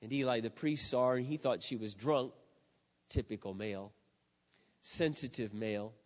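A middle-aged man preaches a sermon from the pulpit. He leans hard on key words, then drops to a hush. His voice echoes through a large hall on a dull, lo-fi recording. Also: mid-range voice. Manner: emphatic, drawn-out stresses, shifting from loud to hushed. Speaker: pastor.

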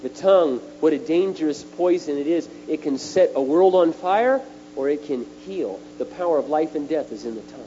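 A middle-aged man preaching a sermon at a retreat, animated and emphatic, his voice jumping up on key words. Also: on the high side, normal speed. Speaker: speaker at a retreat. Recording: dull lo-fi recording with faint mains hum.

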